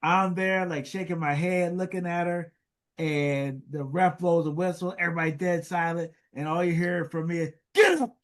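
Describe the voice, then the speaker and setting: A man's voice: a little high, little pitch movement, normal speed. A middle-aged man hosting a podcast, telling stories animatedly with many fillers. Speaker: podcast host. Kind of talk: casual storytelling chat.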